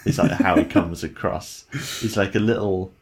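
A man's voice: low voice, fairly even intonation, normal speed, gravelly, slightly rough. A man co-hosting a podcast, rambling and amused in a casual game review chat. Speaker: podcast co-host.

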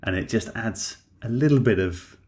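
A man's voice: fairly low pitch, expressive, moderate pace, a little mellow, a little hiss or hum. A man co-hosting a podcast, enthusiastic and thinking aloud in a casual game review chat. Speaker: podcast co-host.

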